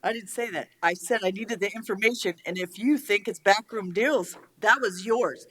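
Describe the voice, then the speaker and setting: A middle-aged woman, a county commissioner, giving a heated, blunt speech at a public meeting. She is angry and emotional, swears, and pushes back quickly. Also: mid-range voice, fairly bright tone.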